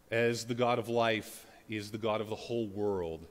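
A man's voice: mid-range voice, normal speed, long reverb tail. A man, a pastor, preaching a sermon in a loose, conversational way, full of fillers, with bursts of dramatic scripture reading. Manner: conversational, uses many fillers like "like" and "you know".

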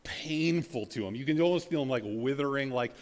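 This pastor's mid-range voice moves fairly quickly through a large hall. He preaches conversationally, leaning on fillers such as "like" and "you know," and bursts into dramatic readings of scripture.

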